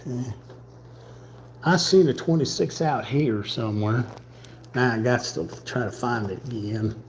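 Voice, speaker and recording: A man giving casual running commentary while painting on a live stream. He mutters quietly to himself and thinks aloud as he works. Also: mid-range voice, unhurried, slight background noise.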